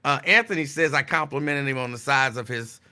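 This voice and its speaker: Brisk and bright, with a forceful mid-range voice, this talk show host runs a casual stream where he rambles chattily, responds to chat comments, and repeats phrases to drive points home.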